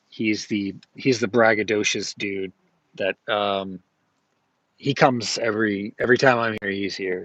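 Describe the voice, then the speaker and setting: A man's voice: fairly low pitch, dry recording, muffled recording. Rambling man chatting from a flea market stall. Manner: rambling, with many fillers and self-corrections. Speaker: streamer selling at a flea market. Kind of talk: casual live-stream chat.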